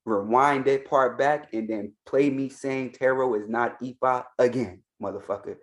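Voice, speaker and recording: A man's voice: medium pitch, unhurried. Emphatic man repeating his points. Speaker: Ifa priest and reaction commentator. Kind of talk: reaction commentary.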